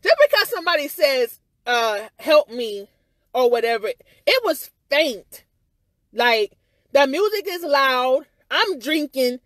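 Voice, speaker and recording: High-voiced woman ranting on camera. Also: big pitch swings, unhurried, no room sound, clean studio sound. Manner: rambling and frustrated, full of "you know" and "or whatever", with occasional swearing. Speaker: vlogger giving her side of a viral incident. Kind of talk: candid livestream-style rant. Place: outdoors outside her house.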